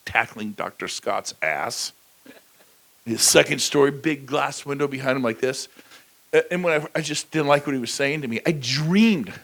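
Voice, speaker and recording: A middle-aged man giving a motivational talk on a conference stage, blunt and joking, with sudden loud bursts. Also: medium pitch, creaky, rough recording. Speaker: keynote speaker.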